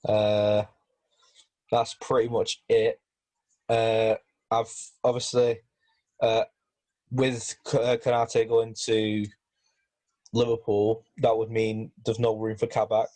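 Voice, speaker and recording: A man's voice: lowish voice, flat delivery, slow, long pauses, a little mellow. Hesitant man chatting football. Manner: hesitant, many fillers and restarts. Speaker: podcast host. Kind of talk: casual football chat.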